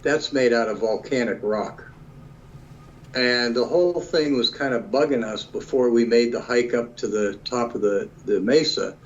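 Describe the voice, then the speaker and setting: Male guest researcher, plain explainer, mid pitch, lo-fi call audio. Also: moderate pace. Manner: matter-of-fact, explanatory. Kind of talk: interview storytelling.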